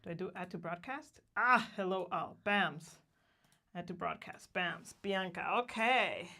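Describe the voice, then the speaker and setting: A woman's voice: fairly low pitch, unhurried, pushed and bright. A woman from Guatemala co-hosting a casual livestream, cheerful and laughing often as she greets viewers by name. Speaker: livestream co-host.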